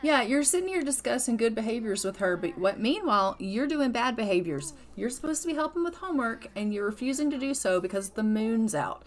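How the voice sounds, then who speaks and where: A gaming channel host, a woman with a fairly high voice, talks a little fast with lively intonation and few pauses. During a casual let's-play she gets exasperated and scolds her game characters, voicing their thoughts aloud in quotes.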